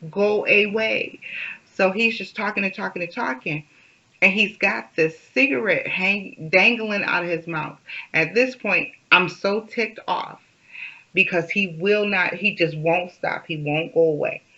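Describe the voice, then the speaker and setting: A woman's voice: on the low side, a little slow, sharp tone, dull audio. A woman vlogger telling a personal story in a rambling, casual way, full of fillers and restarts.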